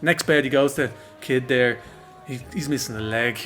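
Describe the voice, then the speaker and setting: A man's voice: medium pitch, fairly even intonation, fast talker, a bit bright, faint music behind. A young man, co-hosting a casual podcast and telling long rambling jokes with a giggle. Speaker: podcast co-host.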